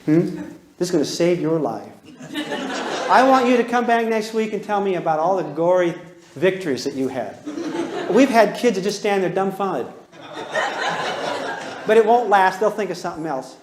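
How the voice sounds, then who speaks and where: A man giving a live parenting lecture to an audience, animated and joking, acting out little dialogues with big swings in pitch and volume. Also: moderate pace, pauses often, a crowd in the background. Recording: roomy hall echo.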